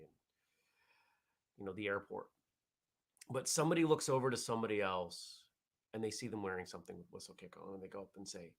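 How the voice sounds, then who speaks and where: A man hosting a casual morning vlog show, chatting in a relaxed, rambling way as he reads viewer comments. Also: on the low side, fast, vocal fry.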